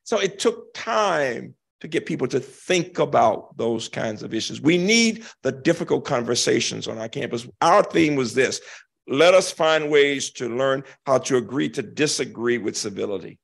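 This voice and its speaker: An older man giving a keynote talk, answering an audience question with animated, emphatic storytelling and slow, dramatic pauses. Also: mid-range voice, vocal fry. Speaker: keynote speaker. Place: lecture hall.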